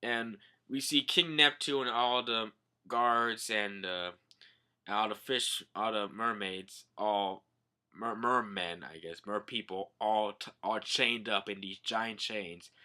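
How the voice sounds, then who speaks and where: Man, manga vlog review, excitable, profane, very bright voice. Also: fairly low pitch, slow pace. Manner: excitable, profane, rambling with fillers.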